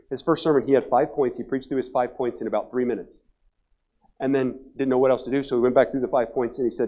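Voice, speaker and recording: A male pastor telling a story from the pulpit, swinging from excited bursts to hushed, quiet passages. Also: mid-range voice, fast talker. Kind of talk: storytelling sermon. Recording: dull lo-fi sermon recording.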